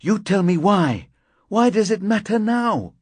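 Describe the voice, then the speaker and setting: A woman's voice: big pitch swings, a little slow, a little mellow, husky, no room sound. A man voicing a distraught middle-aged widow who is tearful and evasive, in an audiobook reading. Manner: tearful, evasive, rising pitch.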